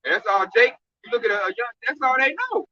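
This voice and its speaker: Man, high bright voice, slangy scolding camp preacher, dull dry recording. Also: big pitch swings, fast talker, no echo. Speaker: speaker at a camp teaching. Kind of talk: informal preaching.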